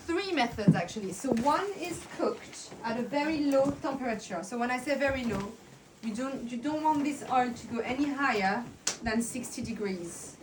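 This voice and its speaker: A woman leads a hands-on workshop, talking a group through each step in a chatty, encouraging way. Her voice sits a little high, and she is heard from some distance in a roomy space with faint background noise. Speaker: herbalism teacher. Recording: roomy sound from a distant mic.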